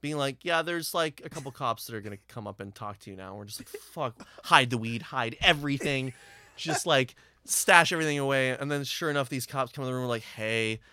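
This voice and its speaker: A man's voice: mid-range voice, fast talker, sharp tone, clear, resonant tone, dry recording. A man casually telling a rambling road story from touring with his band, swearing freely.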